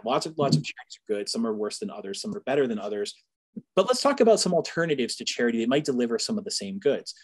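A man's voice: mid-range voice, husky. A man from the Boston area, a university professor, giving an informal lecture to alumni with joking asides and frequent "right?" tags.

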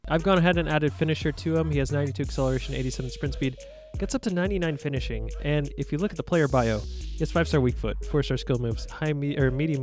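A young man giving casual, playful commentary over his own gameplay, joking at his own expense and bursting into excited shouts during play. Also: a little high. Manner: playful, self-mocking, excitable bursts while playing. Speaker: gaming YouTuber.

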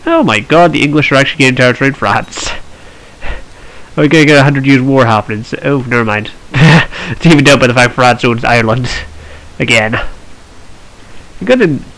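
A man's voice: medium pitch, moderate pace, long pauses, fairly bright tone, rough recording. A man hosting a strategy game let's play, chatting and thinking aloud with wry asides. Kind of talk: strategy gameplay commentary.

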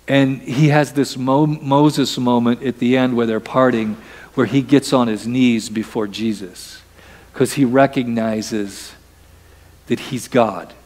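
A man's voice: medium pitch, a little mellow, long reverb tail. A man preaching a sermon as pastor, talking in a conversational way and acting out quoted voices. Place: church sanctuary.

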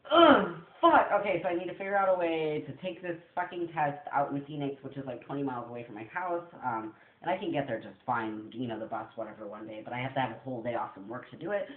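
A young man vlogging casually about his worries, talking fast and rambling with nervous laughs. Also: medium pitch. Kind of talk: casual confessional vlog. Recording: tinny, echoey room recording.

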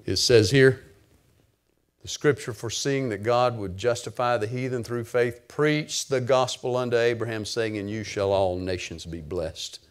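A man pastor preaching a sermon, emphatic and at times near-shouting. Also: medium pitch, fairly even intonation, moderate pace.

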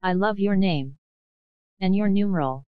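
A woman narrator voicing a blunt, quiet-spoken young college woman in an audiobook. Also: medium pitch, a little slow, clean tone, no room sound, phone-quality sound, natural voice. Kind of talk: audiobook character reading.

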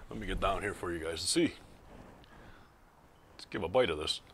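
A man's voice: low voice, lively intonation, moderate pace, a bit bright, a little hiss or hum. A man hosting his own barbecue video, chatting casually while slicing and tasting. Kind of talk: casual cooking vlog narration.

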